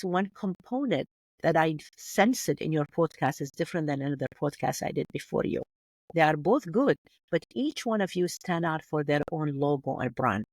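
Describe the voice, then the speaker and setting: A woman's voice: low voice, a little mellow, no room sound. A woman with a Kurdish accent, a native Kurdish speaker, talking as a podcast guest in an earnest way, often restarting and repeating words. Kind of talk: casual interview chat.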